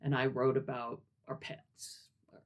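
A woman's voice: a bass voice, level tone, unhurried. Chatty woman co-host explaining. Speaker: podcast co-host. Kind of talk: casual chat.

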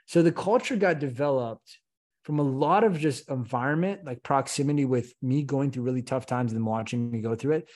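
A man being interviewed on a podcast, speaking with real passion and energy. He leans on rhetorical questions to make his point, and his voice sits in a middle pitch. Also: fairly quick, darkish tone. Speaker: podcast guest, company CEO. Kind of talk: conversational interview.

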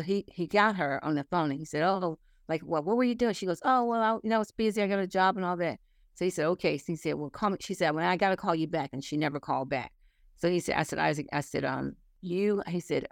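A woman's voice: deep voice, dry recording, studio quality. A woman in her sixties, an interview guest, telling family stories earnestly and acting out the dialogue. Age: 60s. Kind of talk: casual faith-based conversation.

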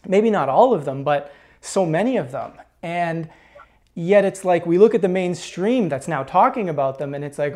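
A man hosting a podcast, talking in a halting, emotional way with many restarts. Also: a little high, expressive, darkish tone. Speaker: podcast host. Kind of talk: conversational interview.

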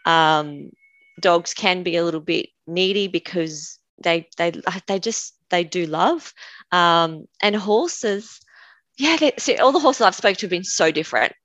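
A woman's voice: fairly low pitch, unhurried, a bit bright, dry recording. Chatty Australian woman telling stories. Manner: chatty storyteller, laughs often. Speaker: guest animal communicator. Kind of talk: casual conversation.

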